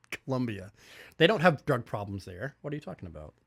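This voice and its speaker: Brief: male podcast host, crude and joking, lively pitch swings. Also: measured pace, vocal fry, slightly rough. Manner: crude, joking, stumbles over his questions. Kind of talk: casual interview questions.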